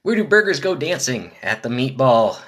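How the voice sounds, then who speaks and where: A man on a casual live stream, reading dad jokes in quick succession and chatting with viewers between them. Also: medium pitch, sing-song, fairly bright tone. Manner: rapid-fire jokes with chatty asides to viewers.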